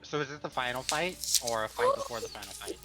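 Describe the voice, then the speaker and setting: A man playing in a tabletop game stream, speaking low-key with hesitant fillers. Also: huge pitch swings, quick pace. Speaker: player. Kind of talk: casual chat while gaming.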